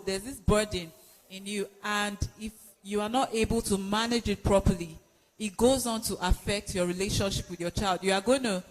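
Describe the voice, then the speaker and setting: A man giving an encouraging talk who searches for words and restarts his phrases. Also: sits high. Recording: long hall reverb.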